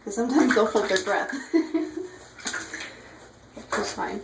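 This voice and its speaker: A woman soothing her pet rabbit in a soft, gentle voice as she bathes it in a tub. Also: mid-range voice, animated, takes it slowly, long pauses, very noisy. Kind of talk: casual vlog chat. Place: bathroom at a bathtub. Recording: echoey bathroom with loud running water.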